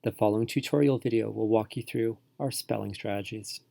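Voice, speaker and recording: A man teaches spelling strategies in a calm tutorial voice, breaking words into syllables slowly and clearly. His voice carries a heavy gravelly fry. The sound is close and dry, with no room behind it. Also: on the low side, no room sound. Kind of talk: instructional tutorial narration.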